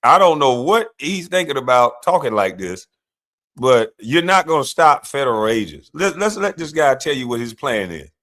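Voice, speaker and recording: A man's voice: medium pitch, big pitch swings, moderate pace, fairly bright tone. Fired-up man ranting on a livestream. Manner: combative, mocking, talks back to clips. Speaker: livestream commentator. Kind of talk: heated political commentary livestream.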